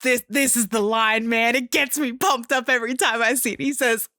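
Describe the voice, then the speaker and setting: A young woman hosting a podcast, casually and excitedly retelling a movie scene with lots of swearing and fillers. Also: a little high, moderate pace, dry recording, studio quality. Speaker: podcast host.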